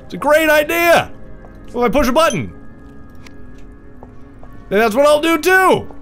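A man narrates his own playthrough of a horror game with sarcastic, excitable commentary. His voice sits high and swings lively up and down. Faint music plays underneath. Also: measured pace. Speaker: let's play host. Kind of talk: casual gameplay commentary.

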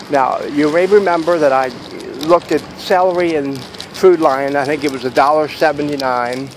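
A man's voice: a little high, a little hiss or hum, low-quality recording. A man chatting casually to camera in a vlog outside a store, rambling and joking about deals. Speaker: vlogger.

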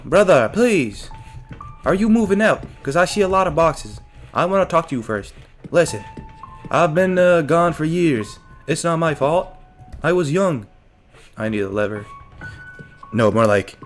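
A man with a somewhat high voice commentates a horror game at an easy, drawn-out pace, cracking jokes and chatting to his viewers. He yelps loudly when something startles him. Soft game music plays underneath. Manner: jokey, talks to himself and chat, yelps at scares. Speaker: let's play streamer. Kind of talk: casual gameplay commentary.

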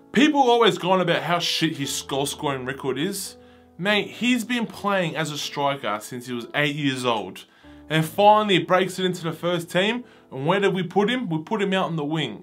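A man's voice: fairly high pitch, a bit bright. A young man, ranting casually and wistfully as a football vlogger, saying "mate" constantly. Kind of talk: casual fan rant to camera.

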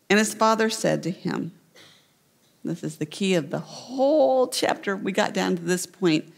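A woman's voice: medium pitch, a little slow, gravelly. Woman preaching a sermon in a reverberant church. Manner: storytelling, voicing the characters in the parable. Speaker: pastor. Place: church sanctuary.

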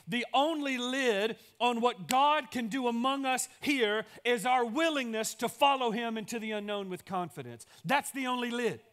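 A man's voice: extremely high pitch, fairly bright tone. A man preaching a sermon as pastor in a church sanctuary, emphatic and repetitive, building to rallying calls.

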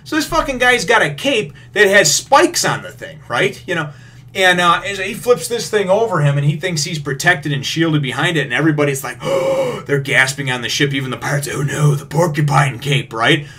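A man hosting a manga review, recapping a chapter in a rambling way with lots of fillers and casual swearing, getting excited over the action. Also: a little high, a little fast. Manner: gets excited retelling action.

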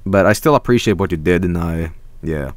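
A man's voice: deep voice, brisk, no echo. A man streaming casually, reading out fan art and chat, rambling, swearing freely and breaking into silly voices.

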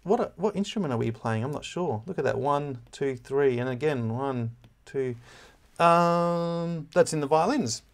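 A man explaining a musical score in a relaxed, chatty way, often pausing with fillers and correcting himself as he goes. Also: a little high. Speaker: music teacher. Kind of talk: casual score walkthrough.

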